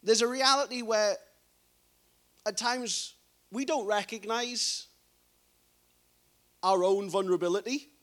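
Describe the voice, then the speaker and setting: High-voiced man preaching a sermon. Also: slow, pauses often. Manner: reads scripture quietly, then rises to emphatic preaching.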